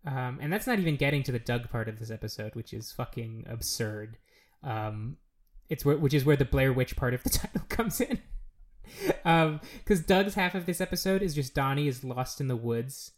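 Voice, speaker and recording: A podcast co-host chatting casually about a show, rambling with many fillers and jumping up in pitch when amused. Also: animated, normal speed. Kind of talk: casual chat reviewing a show.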